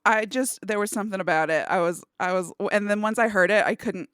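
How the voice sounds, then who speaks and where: A woman's voice: mid-range voice, fairly quick, clean tone, no echo, clean studio sound. A woman co-hosting a podcast, chatting casually and joking wryly about a movie, with playful swearing. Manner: wry, animated, jokey with playful swearing. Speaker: podcast co-host. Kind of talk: casual chat.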